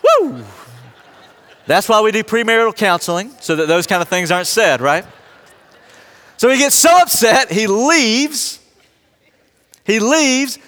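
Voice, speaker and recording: A pastor delivers a sermon, retelling an old story in a high-pitched, animated voice with a clean tone and a fairly quick pace. He gives each character a little voice and jokes with the congregation, his words echoing with the long reverb of a large sanctuary.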